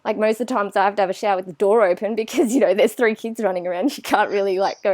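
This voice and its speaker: A woman's voice: medium pitch, fast, hardly any pauses, darkish tone, dry recording. A woman, chatting animatedly as an interview guest and acting out her own thoughts. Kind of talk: casual interview chat.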